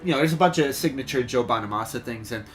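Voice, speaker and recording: A man's voice: mid-range voice, lively intonation, fast, fairly bright tone. A man chatting casually on a band podcast, recounting a road trip with wry asides. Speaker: podcast guest, band member. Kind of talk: casual chat.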